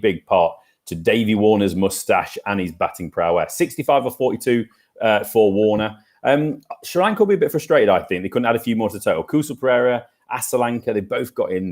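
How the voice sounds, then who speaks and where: A man's voice: lowish voice, darkish tone. A man co-hosting a cricket podcast, talking in a jokey, chummy way and calling his partner mate. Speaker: podcast co-host. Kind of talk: casual cricket chat.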